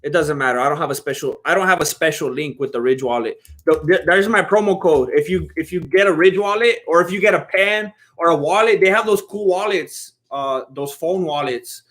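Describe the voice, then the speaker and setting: Brief: easygoing male streamer, slangy and chatty, fairly high voice, laughing as he reads chat. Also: fairly quick, hardly any pauses, fairly bright tone. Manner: laid-back and slangy, reads chat questions aloud and laughs often. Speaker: fight watch-along streamer. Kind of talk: casual livestream chat.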